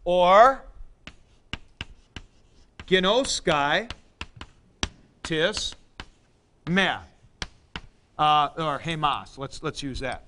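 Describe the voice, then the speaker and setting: A man teaching a Greek grammar class in a classroom, explaining slowly and calling on students by name. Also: fairly high pitch, expressive, a bit bright, slight background noise. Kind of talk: classroom lecture.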